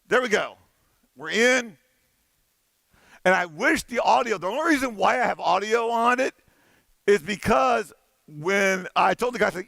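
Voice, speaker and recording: Guy on a conference stage telling a story, animated and playful, high gravelly bright voice, dry sound. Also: dry recording. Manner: animated, playful, acts out dialogue. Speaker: conference keynote speaker.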